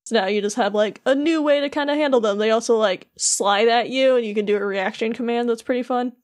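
A woman's voice: on the high side, quick pace. A young adult woman co-hosting a podcast, recapping a game in casual chat and filling her talk with "like". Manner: chatty, heavy use of "like", acts out characters' lines. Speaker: podcast co-host.

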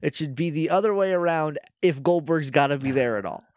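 A man co-hosting a podcast, chatting casually in a rambling, sarcastic way. His voice sits a touch high. The sound is dry and close to the mic. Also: a little fast, darkish tone, no room sound. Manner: rambling, sarcastic, acts out quotes. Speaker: podcast co-host. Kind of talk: casual chat.

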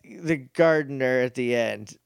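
A man's voice: mid-range voice, measured pace, gravelly, clean tone, no room sound, clean studio sound. A man co-hosting a podcast, casually recapping a TV episode, rambling with many restarts. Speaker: podcast co-host.

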